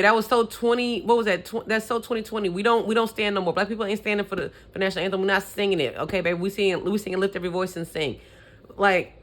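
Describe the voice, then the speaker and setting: A young adult woman vlogging, giving sassy, opinionated sports commentary with petty trash talk. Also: lowish voice.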